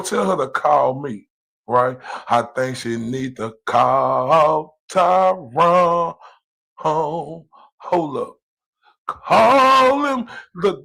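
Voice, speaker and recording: Man, heated livestream rant, confrontational, fairly high voice, husky. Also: a bit bright. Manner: profane, taunting, confrontational. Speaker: livestream host. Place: lives in Dallas, Texas.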